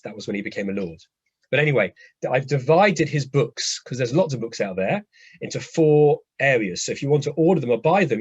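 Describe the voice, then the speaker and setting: A man, a rabbi lecturing a class, telling lively anecdotes and often restarting his phrases. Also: mid-range voice, husky, dry recording. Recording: dull, dry lo-fi audio.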